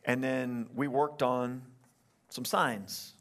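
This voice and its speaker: A young adult man who is a pastor tells a story during a sermon, animated and acting out the quotes. His voice is medium in pitch and his pace is slow.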